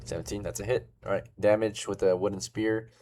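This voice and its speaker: Male game master, low voice, casual filler-heavy narration, faint room hiss. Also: little pitch movement, brisk, mellow.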